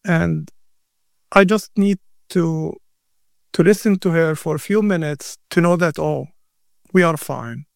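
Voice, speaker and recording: Slow, gravelly man. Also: fairly high pitch, dry recording, studio quality. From Gaza. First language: Arabic. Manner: halting, repeats words, earnest. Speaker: interview guest. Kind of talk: emotional interview answer.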